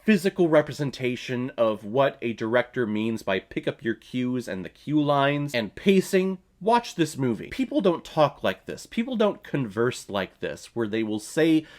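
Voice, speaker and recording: A man's voice: medium pitch, sing-song, normal speed, hardly any pauses, a little mellow. Man, movie reviewer, casual rant, exasperated, swears a lot, mid-range voice. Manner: exasperated, profane, mocking.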